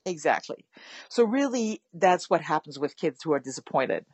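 Husky-voiced woman, animated and empathic. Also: sits low, moderate pace, no room sound. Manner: animated, acts out soothing words to children. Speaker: parenting guest. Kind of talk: conversational interview.

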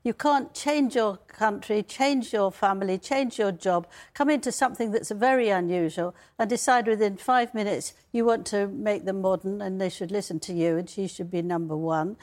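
A woman's voice: medium pitch, normal speed, hardly any pauses, a little mellow. A woman commenting on a TV debate, firm and opinionated, with some hesitations. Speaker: royal commentator and biographer.

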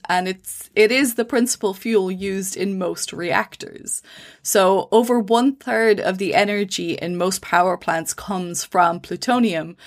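A woman co-hosting a casual podcast, explaining science at length with fillers and restarts. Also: mid-range voice. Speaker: podcast co-host.

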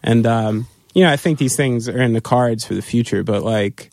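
A man's voice: medium pitch, moderate pace, gravelly, darkish tone, dry recording, clean studio sound. Casual, rambling man telling road stories. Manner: loose, swearing, laughing storyteller with many fillers. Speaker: band drummer, guest. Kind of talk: casual interview storytelling.

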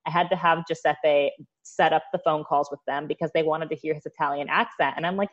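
An American woman telling stories as a podcast guest, animated and quick to laugh. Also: low voice, lo-fi sound. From United States. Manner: animated storyteller, laughs often. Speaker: guest, olive oil producer. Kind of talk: casual interview storytelling.

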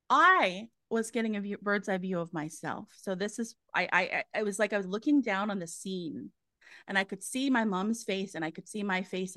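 A woman talks through a personal story in a casual interview, chatty and full of restarts. Her pitch sits mid-range, and the sound is close and dry with no room echo. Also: fairly bright tone. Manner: chatty, many fillers and restarts. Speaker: guest medium.

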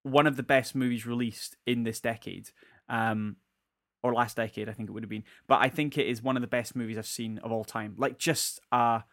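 A man's voice: medium pitch, steady tone, a little fast, a bit bright. A man co-hosting a casual film chat, rambling and correcting himself as he goes. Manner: rambling, self-correcting, chatty. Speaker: podcast co-host. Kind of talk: casual chat about films.

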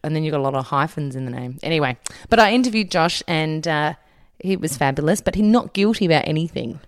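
A woman's voice: low voice, expressive, fast talker, dry recording, clean studio sound. A woman hosting a podcast in casual chat, giggly and teasing. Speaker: podcast host.

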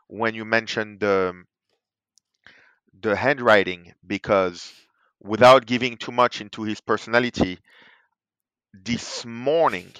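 A man's voice: on the low side, a bit bright, no echo, poor audio. A man who is a guest receiving a reading, speaking hesitantly and stammering.

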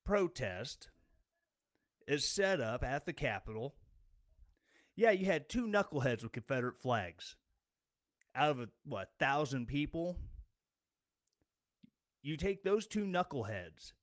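Combative man ranting with a lively voice. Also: on the high side, slow pace, pauses often, dry recording, clean studio sound. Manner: sarcastic and combative. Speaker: political commentator. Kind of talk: angry political rant.

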